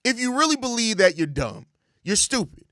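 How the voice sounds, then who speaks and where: A man's voice: very high-pitched, sing-song, moderate pace, fairly bright tone, no room sound, clean studio sound. A young man hosting a sports show, ranting in exasperated, profane casual commentary and repeating himself. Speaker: sports podcast host.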